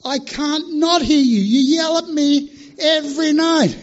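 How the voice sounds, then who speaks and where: A man's voice: extremely high pitch, a little slow, voice pushed up. A man playing a patient, reassuring God. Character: patient male God speaking from heaven. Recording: dull lo-fi recording.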